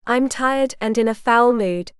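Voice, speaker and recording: Woman voicing a tired young noblewoman, soft earnest speech, smooth voice, dry close sound. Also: fairly high pitch, a little slow, no room sound, natural voice.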